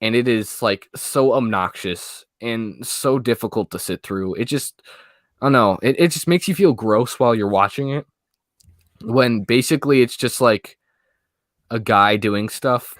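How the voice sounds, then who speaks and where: A man's voice: mid-range voice, a little slow, no room sound. Hesitant young man, dry close sound. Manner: hesitant, rambling, many fillers and "I don't know". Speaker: guest, movie YouTuber. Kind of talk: casual interview chat.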